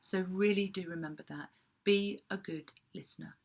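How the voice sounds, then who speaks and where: A woman's voice: on the low side, steady tone, moderate pace, gravelly. A woman from England giving casual advice to camera as a PR coach, chatty with self-deprecating asides. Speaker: PR coach vlogger.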